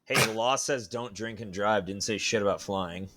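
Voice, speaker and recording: A man's voice: fairly low pitch, moderate pace, a loud crowd. A man co-hosting a podcast, bantering casually with dry, teasing jokes and swearing. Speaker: podcast co-host. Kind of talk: casual chat.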